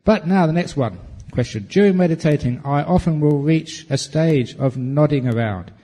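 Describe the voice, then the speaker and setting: Playful monk in an echoing hall. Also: male voice, on the high side, normal speed. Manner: playful, humorous and relaxed. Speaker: Buddhist monk and meditation teacher. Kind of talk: meditation retreat Q&A teaching. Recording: long hall reverb.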